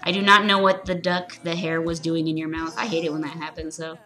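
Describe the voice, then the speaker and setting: A woman's voice: low-pitched, flat delivery, brisk, sharp tone, soft background music. A woman streaming a game, reading its text aloud with giggly, crude offhand jokes. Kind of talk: casual let's play commentary, reading game text aloud.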